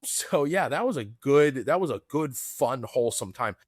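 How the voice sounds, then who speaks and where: A man's voice: medium pitch, animated, normal speed, no echo, clean studio sound. A man co-hosting a podcast, telling stories in a loose, laughing, casual way. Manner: laid-back, laughs often, calls people man and brother. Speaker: podcast co-host. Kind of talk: casual chat.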